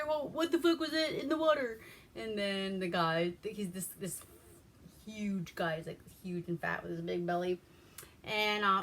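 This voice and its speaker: Bright, swearing woman ranting about a movie. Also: mid-range voice. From Alaska. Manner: profane, rambling, wry. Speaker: movie reviewer. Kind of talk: casual rambling movie review.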